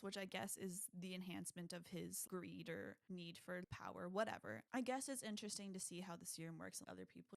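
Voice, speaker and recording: A young woman hosting a casual movie review, talking sarcastically with crude jokes and mocking quick impressions of characters. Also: medium pitch, vocal fry, no echo. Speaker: podcast host.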